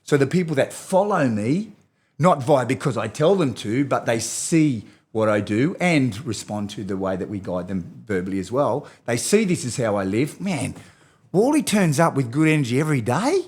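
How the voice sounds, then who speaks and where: An Australian man talking as a podcast guest and movement expert, energetic and animated, coaching the host as he explains. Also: medium pitch, moderate pace, breathy edge. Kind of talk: enthusiastic podcast interview talk.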